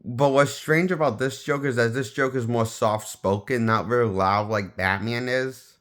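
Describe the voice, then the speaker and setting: A man's voice: medium pitch, normal speed, a bit bright. A man giving a casual spoken movie review, rambling and often restarting his sentences as he shares offhand opinions. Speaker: film reviewer.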